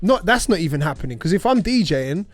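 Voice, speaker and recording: High-voiced man in animated podcast banter. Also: fast talker. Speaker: podcast co-host, DJ. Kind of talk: casual chat.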